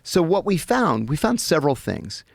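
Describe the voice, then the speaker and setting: An American man, a guest on a podcast, telling his story in an animated way and acting out the people he quotes. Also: fairly high pitch, moderate pace, creaky, no room sound, studio quality. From United States.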